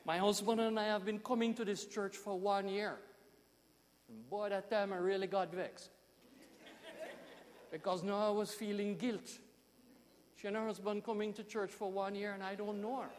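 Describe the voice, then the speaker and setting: Jamaican male pastor, animated sermon storyteller, high voice, big hall echo. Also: moderate pace, pauses often, slight background noise. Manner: animated storytelling, emphatic swings in loudness.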